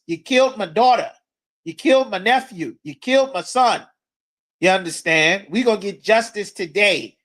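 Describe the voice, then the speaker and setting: A man teaching scripture to a class in a blunt, forceful preaching manner with coarse language. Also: high-pitched. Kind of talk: street-corner scripture teaching.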